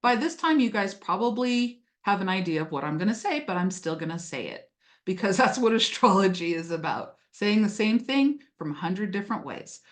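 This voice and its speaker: A woman's voice: mid-range voice, expressive, normal speed. A woman giving a casual astrology lesson. She talks in a chatty, playful way and acts out little voices. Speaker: astrology teacher. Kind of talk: casual teaching talk. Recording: roomy echo.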